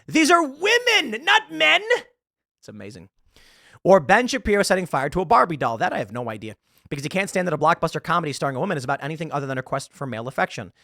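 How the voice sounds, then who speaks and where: A man's voice: on the high side, big pitch swings, very fast, fairly bright tone, dry recording, studio quality. Sarcastic ranting man in his thirties. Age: 30s. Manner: sarcastic, ranting, mocking the article he reads aloud. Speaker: commentary show host. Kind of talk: political commentary monologue.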